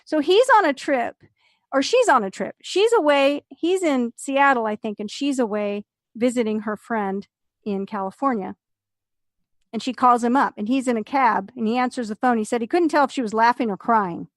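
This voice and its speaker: A woman co-hosting a podcast, casually retelling a story in an animated way and acting out the quotes. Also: on the high side, normal speed, no room sound, studio quality. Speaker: podcast co-host.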